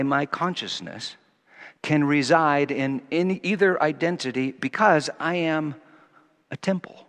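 Man, preacher, sermon, fairly high voice, quiet musing then loud emphatic reading, long hall echo. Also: lively intonation, takes it slowly.

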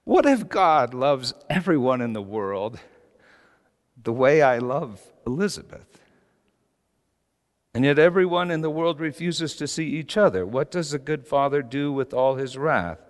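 A middle-aged man preaching a sermon as pastor, animated, swinging from soft asides to shouting. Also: medium pitch, a little slow. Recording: long hall reverb.

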